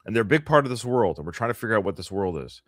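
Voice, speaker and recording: A man's voice: lowish voice, very animated, racing, dry recording, clean studio sound. A middle-aged Canadian man co-hosting a live podcast, chatting casually with a joking, rambling, sarcastic manner. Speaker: podcast co-host.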